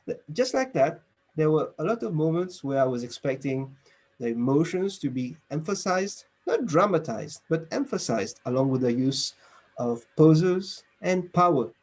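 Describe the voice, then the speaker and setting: A man's voice: a little high, expressive, a little mellow. Man giving an encouraging speech evaluation. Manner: structured, encouraging, with emphatic pauses. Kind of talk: online club speech evaluation. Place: home room, speaking over a video call.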